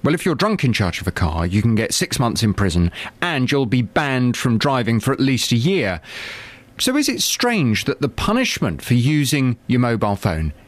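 A man's voice: medium pitch, huge pitch swings, normal speed, no echo. A man presenting a radio phone-in, laying out the topic in an earnest, persuasive way. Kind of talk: radio trail and chat. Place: radio studio.

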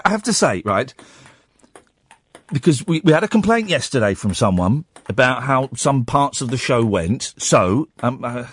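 A man's voice: medium pitch, sing-song, moderate pace, slightly rough, no room sound. A man hosting a late-night radio phone-in from a studio, talking with callers in a teasing, sarcastic way. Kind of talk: casual phone-in banter. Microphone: studio microphone.

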